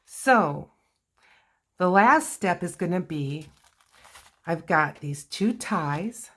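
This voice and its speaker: Low, slow-talking woman crafter. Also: animated. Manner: chatty, talks to herself while working. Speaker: crafting video host. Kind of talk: casual crafting walkthrough.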